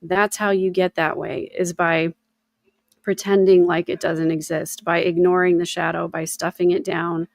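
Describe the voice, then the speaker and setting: A woman's voice: lowish voice, flat delivery, normal speed, gravelly, no echo, studio quality. A woman hosting a casual livestream chat over a video call, talking in a reflective, encouraging way and often repeating her phrases. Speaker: host.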